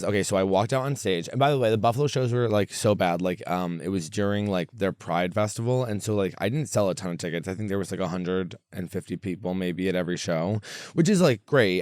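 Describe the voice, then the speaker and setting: A man's voice: sits low, no echo, studio quality. Rambling young man, comedy podcast host. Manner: rambling, animated, lots of fillers and self-interruptions. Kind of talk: casual storytelling chat.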